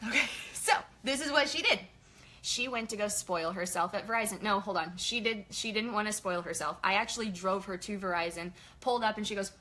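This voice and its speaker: A woman leading a casual motivational team training, chatty and energetic in her pep talk. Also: mid-range voice. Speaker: sales team leader.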